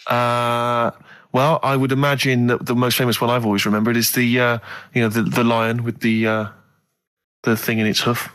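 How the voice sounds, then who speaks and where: A man's voice: mid-range voice, flat delivery, moderate pace, a bit bright, smooth. A man co-hosting a radio show in a studio, teasing the others and slipping into mock-formal reading. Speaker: radio co-host. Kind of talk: casual studio banter.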